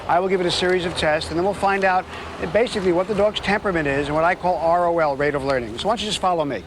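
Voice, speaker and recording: A dog trainer talks very fast over a noisy background while explaining a temperament test to a couple during an on-location demo. He's chatty and explanatory, and his voice goes high and sing-song when he coaxes the dog.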